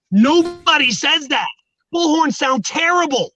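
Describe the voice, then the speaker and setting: A man, a guest, telling jokes and stories in an animated, comedic casual chat over a remote line. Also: high-pitched, moderate pace, highs cut off, faint music behind. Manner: joking, animated storytelling.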